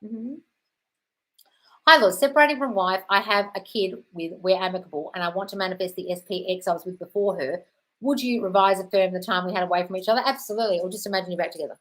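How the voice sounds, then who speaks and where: A woman's voice: medium pitch, quick pace, poor audio. A woman hosting a live stream, reading out viewer questions and answering them in a breezy, chatty way, calling everyone darling. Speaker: host.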